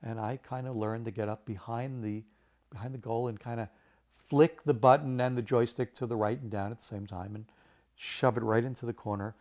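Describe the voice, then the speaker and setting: A man, a video game artist telling a lively story in a casual interview, acting out the voices of the people in it. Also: mid-range voice, a little fast. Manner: animated anecdote telling with quoted voices.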